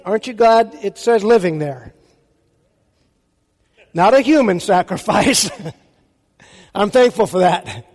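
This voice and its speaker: A male pastor preaches with emphatic force, firing rhetorical questions at his listeners. His voice sits very high, and the sound rings out with a long reverb. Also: animated, slow pace, pauses often, darkish tone. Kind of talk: sermon.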